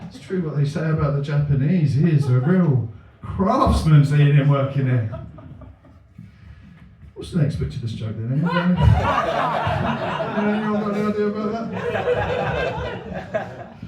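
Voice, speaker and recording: A man doing a deadpan, self-mocking stand-up set in a comedy venue. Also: on the high side, slow pace, long pauses, heavy background noise. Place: comedy venue with a live audience. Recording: echoey room, mic at a distance.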